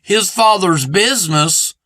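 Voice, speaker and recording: A man's voice: high voice, slow, pushed and bright, no echo. A man preaching an earnest sermon in plain everyday speech, repeating his points and stressing them with "see".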